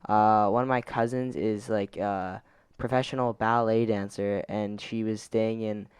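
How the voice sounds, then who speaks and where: A teenage boy co-hosting a podcast, chatting casually about his week, relaxed and a bit hesitant, often trailing off. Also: lowish voice, measured pace, smooth, dry recording. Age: teens. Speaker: podcast co-host. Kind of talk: casual chat.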